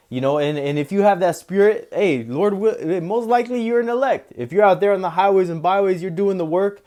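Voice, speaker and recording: A man's voice: fairly high pitch, a little mellow. Man in laid-back Bible commentary. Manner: slow solemn reading, then loose casual talk with frequent "you know" and "man". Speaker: preacher. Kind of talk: scripture reading with commentary.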